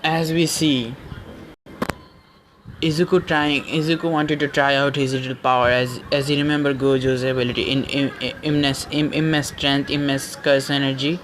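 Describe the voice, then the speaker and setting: A man casually retelling a fan story, rambling with frequent cursing and halting restarts. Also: mid-range voice, level tone, fairly bright tone, a little hiss or hum. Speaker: story narrator.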